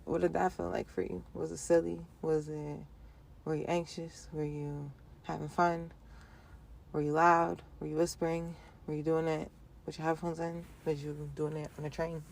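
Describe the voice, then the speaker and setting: In a gravelly, low-pitched voice with flat delivery and a moderate pace, a woman hosts her own podcast as a playful, rhythmic solo monologue. She talks conversationally in casual slang and laughs frequently.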